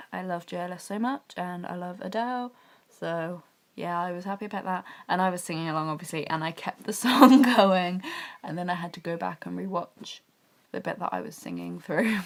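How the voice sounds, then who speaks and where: A young woman gushing about a TV drama in a rambling, chatty fan vlog, talking quietly from her bedroom. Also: lowish voice, gravelly. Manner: speaking quietly. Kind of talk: casual TV review vlog. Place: bedroom at home.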